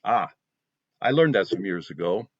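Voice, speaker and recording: Emotional low-voiced man giving spiritual talk. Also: expressive, a little slow, no echo. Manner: emotional, impassioned, repeats phrases for emphasis. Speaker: spiritual channel host. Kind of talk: heartfelt spiritual talk to viewers. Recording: dull dry lo-fi sound.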